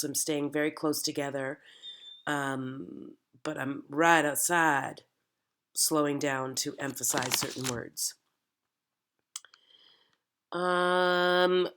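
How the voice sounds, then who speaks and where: A woman's voice: low-pitched, a bit bright. A Canadian woman coaching actors in an accent, explaining and demonstrating sounds to camera with frequent ums. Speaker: dialect coach.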